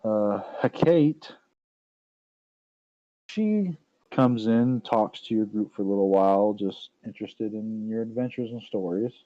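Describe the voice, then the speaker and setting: A man narrating as game master of a tabletop game, in a relaxed, meandering way. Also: fairly low pitch, unhurried, no room sound, highs cut off.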